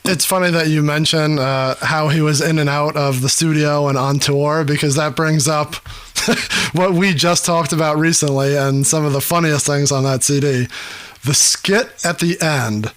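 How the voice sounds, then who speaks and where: A man hosting a podcast, asking long, relaxed, winding questions and laughing easily. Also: a little high, unhurried. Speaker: podcast host. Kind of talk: casual interview questions.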